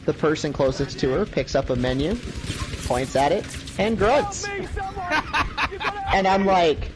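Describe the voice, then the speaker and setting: A man's voice: high-pitched, unhurried. A man telling a long travel story in a casual chat, acting out the voices of the people in it. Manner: animated storyteller, acts out quoted voices. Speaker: livestream co-host. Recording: noisy gameplay audio behind. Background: gunfire from a video game.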